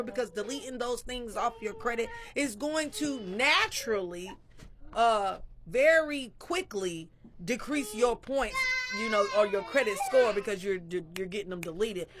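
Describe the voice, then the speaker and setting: Woman, casual rant, high pitch, bright sharp tone, profane and rambling. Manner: loose, profane, rambling, laughing asides. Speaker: commenter in a reaction clip.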